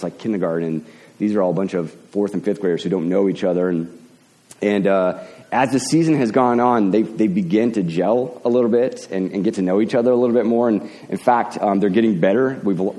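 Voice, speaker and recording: A man preaching a sermon as pastor, talking in a halting way and often repeating words as he builds a point. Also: lowish voice, dark tone, long reverb tail.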